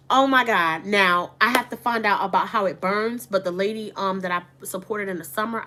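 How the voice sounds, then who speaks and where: A woman's voice: mid-range voice, fairly bright tone. A woman who runs an online boutique, chatting casually and candidly to her viewers. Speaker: online boutique owner and vlogger. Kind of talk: casual chat to camera.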